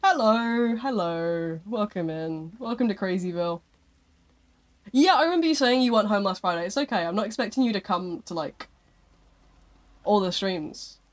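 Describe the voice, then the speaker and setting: A mid-range voice with lively intonation, at a normal speed, belongs to a live streamer casually talking to viewers. They ramble slightly, filling silences with "um" and "like" again and again.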